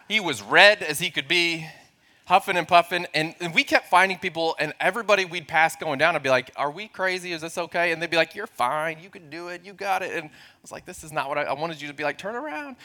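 A man in his forties preaches a sermon with humorous, self-deprecating storytelling. His voice sits a little high and rings bright and forceful. He acts out the others in his story as he goes. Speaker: pastor.

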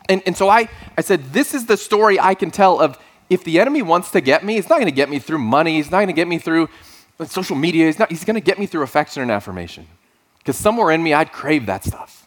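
A man's voice: high voice, a bit bright. A man preaching a sermon as pastor of his church, talking conversationally with dry, self-deprecating asides.

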